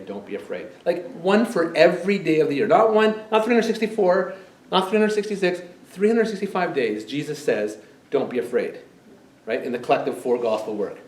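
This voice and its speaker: In a church sanctuary, a male pastor gives a chatty sermon, asking the congregation questions as he goes. His voice is medium in pitch with a little hiss or hum, and the distant mic picks up an echoey hall.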